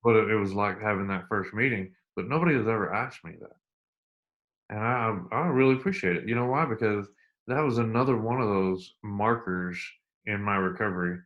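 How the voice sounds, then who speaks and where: An army veteran from the United States, a man with a low voice, speaks earnestly as a guest in a candid interview where he tells stories. He tends to repeat himself and slows down with emphasis at emotional moments, and the recording has its high frequencies cut off.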